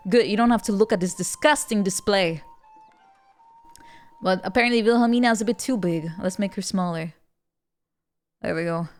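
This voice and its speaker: A woman's voice: medium pitch, normal speed, long pauses, faint music behind. A woman streaming a strategy game, chatting playfully and reacting animatedly, often repeating words as she stammers and laughing between remarks. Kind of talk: casual live game-stream chat.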